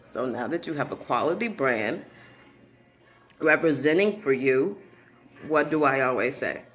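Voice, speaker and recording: A woman's voice: a bass voice, expressive, measured pace, fairly bright tone. A woman telling rambling comedic stories and laughing often at her own jokes. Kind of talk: comedic monologue.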